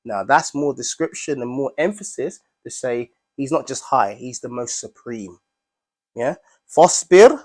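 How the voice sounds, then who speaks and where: A man's voice: mid-range voice, a little slow. A man teaching a class, explaining Arabic words step by step and often checking in with the students.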